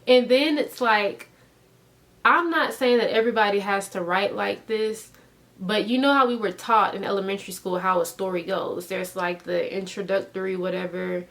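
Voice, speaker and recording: Animated woman in her thirties reviewing books. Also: mid-range voice. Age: 30s. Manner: animated, emphatic, rhetorical questions. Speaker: book reviewer. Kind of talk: casual book review vlog.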